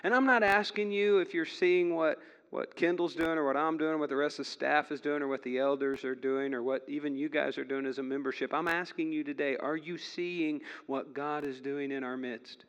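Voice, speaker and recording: A man's voice: fairly high pitch, steady tone, normal speed, hardly any pauses, fairly bright tone, clear, resonant tone. A man preaching as a pastor in a church, earnest and chatty, laughing now and then between points. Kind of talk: sermon. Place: church sanctuary. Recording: long reverb of a large hall.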